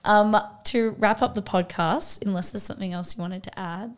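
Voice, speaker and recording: A woman hosting a casual podcast, bubbly and quick to laugh as she steers the questions. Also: medium pitch, fairly even intonation. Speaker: podcast host.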